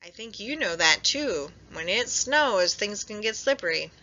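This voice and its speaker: A woman reading aloud plays an old grandpa squirrel from a storybook, warm and welcoming. He talks slowly and reassuringly. The recording is bright but dull and lo-fi. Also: mid-range voice, animated. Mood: kindly.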